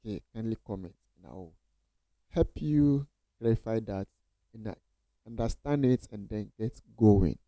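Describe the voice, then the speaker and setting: A man's voice: lowish voice, measured pace, dark tone, no echo, low-quality recording. A man teaching coding basics in a casual screen-share tutorial, repeating phrases and reassuring viewers with many okays.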